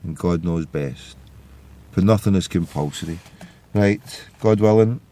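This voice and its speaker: A man's voice: low-pitched, measured pace, mellow. A man, hosting a podcast and telling stories in a loose, rambling monologue. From Scotland. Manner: rambling storytelling. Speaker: podcast host. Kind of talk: casual monologue.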